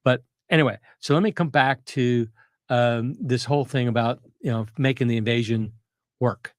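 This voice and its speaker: At a moderate pace, an older man, a retired Navy captain who is the guest historian, walks through history in a conversational way. The recording is dry and close, with no room sound, and his ordinary mid-pitched voice carries detailed, rambling explanations full of fillers and restarts.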